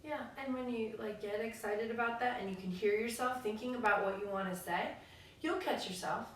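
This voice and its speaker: A woman with a fairly high voice tells stories in an animated way, acting out what others said. She is a coach co-hosting a relaxed conversation. The sound is roomy and very echoey, from a mic set well back, with faint noise. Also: fairly quick, distant mic. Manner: animated storyteller, acts out quotes. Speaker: podcast co-host and coach. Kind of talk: casual conversation.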